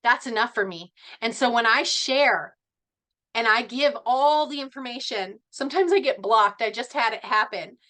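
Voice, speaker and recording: A middle-aged woman speaking at a team meeting, animated and passionate, laughing often as she talks. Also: on the high side, normal speed. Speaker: network marketing team member.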